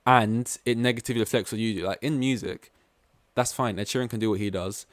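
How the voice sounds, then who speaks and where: Quick-paced and lowish, with no room sound, this solo podcast host from East London, England, chats loosely. He rambles, veers into tangents, and leans heavily on the word "like."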